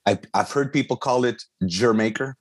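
A man's voice: mid-range voice, animated, fairly quick, husky, dry recording. A man co-hosting a podcast, chatting casually and telling a story with frequent laughter. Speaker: podcast co-host. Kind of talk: casual chat.

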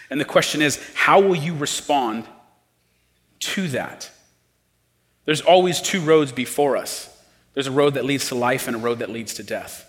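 A man preaching a sermon as pastor, earnest, rising to emphatic pleas and dropping low and quiet. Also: in a large hall.

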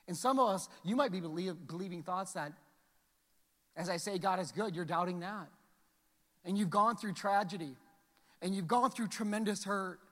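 High, bright-voiced preacher in a reverberant hall. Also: male voice, normal speed. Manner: dynamic preaching, swinging from loud calls to hushed near-whispers. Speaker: pastor. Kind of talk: sermon.

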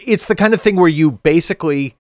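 Halting, restarting middle-aged man on a podcast. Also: fairly high pitch, a little mellow, dry recording, clean studio sound. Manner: halting, many restarts and fillers. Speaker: podcast co-host. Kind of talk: casual chat.

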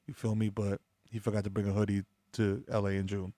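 A man's voice: on the low side, completely flat delivery, quick pace, few pauses, dark tone, no echo. A man, a podcast co-host, trading jokes and laughing in casual chat. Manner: joking banter, laughs often.

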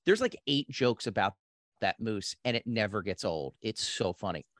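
A man in a casual movie podcast, eager and a bit halting as he describes his favorite scenes. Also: fairly low pitch, expressive, a bit bright, dry recording, clean studio sound.

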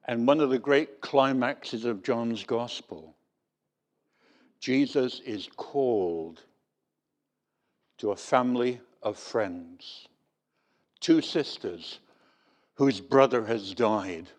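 A man's voice: mid-range voice, slow, pauses often. A man preaching a sermon, telling stories with wry humour. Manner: lively storytelling with wry humour.

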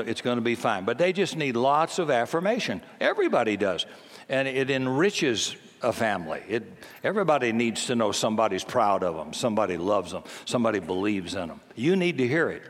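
A man's voice: medium pitch, lively intonation, fairly quick. A man in his seventies preaching a sermon in a folksy, emphatic way, often acting out the voices he quotes. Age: 70s. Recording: long hall reverb.

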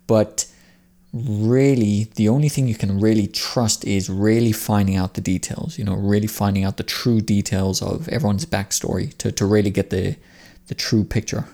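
A man's voice: fairly low pitch, fairly even intonation, normal speed, gravelly, mellow. A man hosting a casual film commentary, talking loosely and conversationally with lots of filler phrases. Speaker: video essay host.

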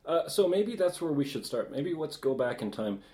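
A man co-hosting a podcast, explaining ideas and defining terms in a relaxed, lecture-like way. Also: fairly high pitch, moderate pace. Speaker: podcast co-host. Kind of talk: casual discussion. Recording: roomy echo.

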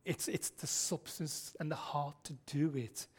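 Speaking unhurriedly in a steady, medium-pitched voice with a breathy edge, a preacher talks to his congregation as if in conversation. He poses frequent rhetorical questions, quizzes them, and chuckles mid-sentence.

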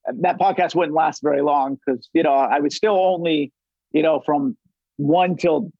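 A man's voice: on the high side, a little slow, vocal fry, no echo, dull audio. A middle-aged man from the Los Angeles area, chatting casually as a podcast guest in a rambling way, full of restarts and swearing. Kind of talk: casual chat.

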